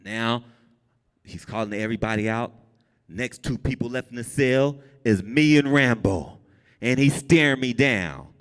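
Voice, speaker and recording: A man telling a comic story live on stage, animated and jumping high when he quotes people. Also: unhurried. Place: brewery event space with an audience. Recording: long reverb in a live venue.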